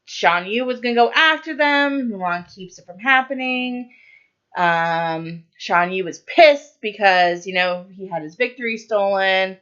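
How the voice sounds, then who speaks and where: A woman's voice: mid-range voice, a little slow, a bit bright, clear, resonant tone, lo-fi sound. A woman co-hosting a podcast, casually retelling a movie's plot with lots of fillers and quoted lines. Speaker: podcast co-host.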